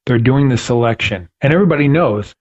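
A man's voice: medium pitch, animated, quick pace. Earnest preacherly man, dull lo-fi sound. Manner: earnest, preacherly emphasis with repetitions. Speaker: podcast host. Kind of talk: faith podcast conversation.

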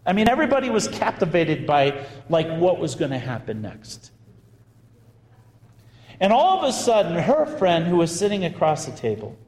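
A man, a priest, telling a story in a sermon in an animated, conversational way with bursts of emphasis. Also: a little high, normal speed. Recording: echoey hall with long reverb.

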